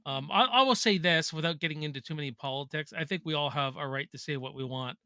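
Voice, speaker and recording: A man's voice: fairly high pitch, quick pace, bright, forceful tone, smooth, no room sound, studio quality. A man with a Canadian accent hosting a live watch-party, reading viewers' questions aloud and chatting casually. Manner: reads chat questions aloud, casual and joking. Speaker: host.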